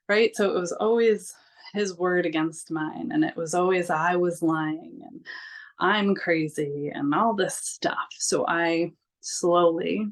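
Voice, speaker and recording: A young adult woman telling her own story in a vlog, candid and casual, with many fillers and frank swearing. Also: on the low side. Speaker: vlogger.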